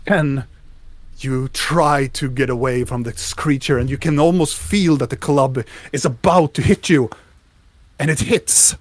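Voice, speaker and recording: Slow guy running a tabletop game, describing stuff, restarts a lot. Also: mid-range voice, no echo. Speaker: game master.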